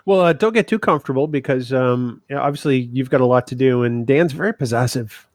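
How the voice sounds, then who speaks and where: A man's voice: mid-range voice, fairly quick, no room sound, clean studio sound. A man co-hosting a podcast, teasing and laughing easily in casual banter. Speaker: podcast co-host.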